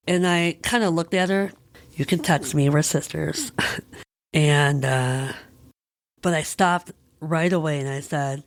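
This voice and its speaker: A woman's voice: lowish voice, measured pace, dry recording. A woman hosting a podcast, talking through a personal experience in a candid, emotional, searching way. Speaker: podcast host. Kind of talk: personal reflective monologue.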